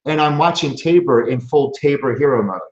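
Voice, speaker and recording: A man's voice: medium pitch, fairly quick, roomy sound, lo-fi sound. A man hosting a live chiropractic show, speaking in an earnest, preachy motivational way and often restarting his phrases. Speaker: chiropractor host.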